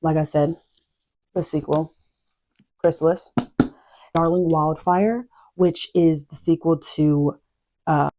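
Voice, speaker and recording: A young woman chatting casually to camera as a book vlogger, drifting into quiet asides. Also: low voice, steady tone, takes it slowly, long pauses.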